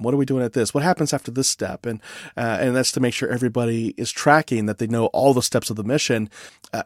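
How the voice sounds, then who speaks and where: Lively man podcast host, dry sound. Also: medium pitch, no echo. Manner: animated storyteller, acts out quoted voices. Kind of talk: interview conversation.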